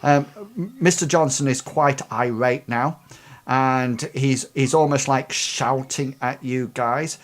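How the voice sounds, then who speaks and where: A man's voice: medium pitch, fairly even intonation, slow pace. A man narrating as game master of a tabletop game, with a hesitant delivery full of restarts. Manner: hesitant, many fillers and restarts.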